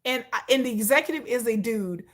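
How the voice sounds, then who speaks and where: A woman's voice: fairly high pitch, brisk. A woman hosting a livestream, chatting casually and animatedly with her viewers, often repeating herself for emphasis. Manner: animated, repetitive, talks straight to viewers. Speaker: livestream host.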